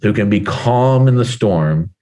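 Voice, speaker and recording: Rambling man talking casually, low voice. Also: expressive, a little slow, dark tone. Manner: rambling, many "like" fillers and restarts; acts out panicked voices in a high squeal. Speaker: guest speaker, real estate agent coach. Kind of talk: casual motivational talk.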